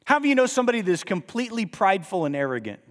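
Male pastor with a high voice, preaching emphatically in a reverberant church sanctuary. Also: very animated, very fast. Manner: emphatic preaching, rhetorical questions to the congregation. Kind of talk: sermon.

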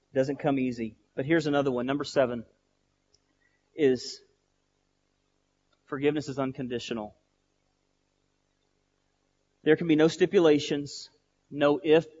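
A male pastor preaching a sermon, telling stories and building from quiet, slow lines to loud, emphatic ones. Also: medium pitch, big-room sound, dull audio. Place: church sanctuary.

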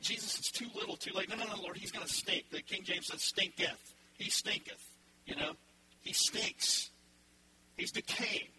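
A male pastor preaching an animated sermon, acting out the people in the story. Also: high-pitched, noisy background. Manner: animated, acts out voices in the story.

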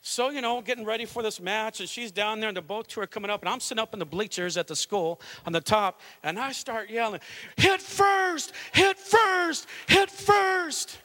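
Fervent pastor guy, high ringing voice, preaching and telling stories. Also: fast talker, hardly any pauses, pushed and bright. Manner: fervent, conversational storytelling. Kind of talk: Pentecostal sermon.

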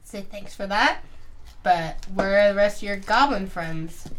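A woman's voice: mid-range voice, measured pace, a little hiss or hum. A woman playing a tabletop game, talking in a playful, teasing way as she questions a prisoner. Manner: playful, teasing, laughs often. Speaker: player.

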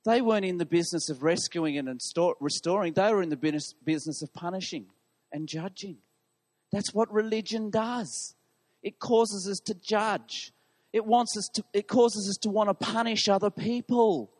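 A man's voice: sits high, normal speed, a little mellow. A man preaching a sermon to his congregation, putting questions to the listeners. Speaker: pastor. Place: church hall. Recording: long reverb of a large hall.

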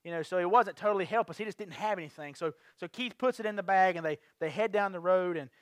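Man in his thirties, high-pitched pastor, rambling, lively sermon storytelling, dry close sound. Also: fast talker, no room sound.

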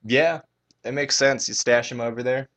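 A man co-hosting a casual sports radio show from a college station studio, jokey and quick to laugh. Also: medium pitch, fairly even intonation, a bit bright. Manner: jokey, laughs often, mock pleading bits.

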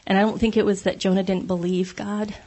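A woman's voice: mid-range voice, flat delivery, fairly quick, dark tone, slightly rough. A woman giving a conversational devotional talk, candid and self-deprecating, laughing often as she speaks.

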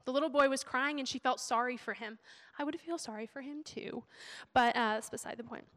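Chatty high-voiced woman preaching. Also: fairly quick, a bit bright. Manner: emotional, chatty, laughing preacher. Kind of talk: sermon. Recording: long hall reverb.

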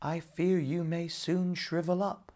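A woman's voice: lowish voice, little pitch movement, takes it slowly, warm tone. A woman doing a sugary, clever young wife. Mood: teasing. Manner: sugary and soothing. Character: sweet, clever young wife coaxing a demon.

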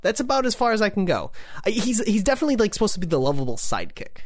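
A man hosting a casual podcast, talking with lively swings up and down in pitch. He restarts sentences often and drops into playful voices. The sound is close and dry, with no room around him. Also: racing, dry recording. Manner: animated, chatty, lots of restarts and playful voices. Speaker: podcast host. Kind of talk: casual chat.

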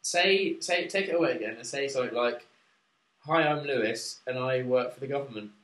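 A man's voice: medium pitch, fairly quick, a bit bright, reverberant. A man from England co-hosting a casual podcast, chatty and giggly as he plugs the show from a small room at a studio microphone. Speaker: podcast co-host. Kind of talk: casual chat.

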